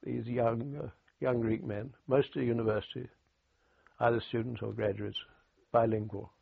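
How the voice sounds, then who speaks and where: Older man with gravelly, husky voice. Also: mid-range voice, little pitch movement. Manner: anecdotal, halting restarts, dry humour. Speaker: war veteran interviewee. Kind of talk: oral history interview, recollection. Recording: tinny phone-like archive recording.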